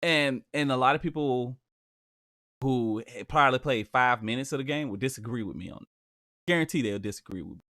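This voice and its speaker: A relaxed man in a casual gaming chat, his voice at an everyday male pitch. He turns emphatic when something excites him and swears offhandedly. The recording is dry, with no room echo. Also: fairly quick.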